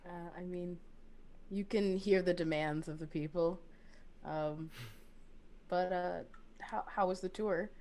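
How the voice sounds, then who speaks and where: A woman playing a nerdy, awkward high-school teen who talks haltingly. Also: fairly even intonation, a little mellow. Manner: hesitant, halting, full of fillers.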